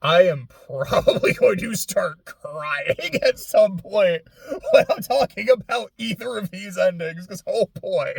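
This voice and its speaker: A man's voice: high-pitched, expressive, unhurried, gravelly, slightly rough, no echo. A young man casually chatting about a video game, rambling with lots of fillers and laughing through near tears. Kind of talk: casual gaming chat.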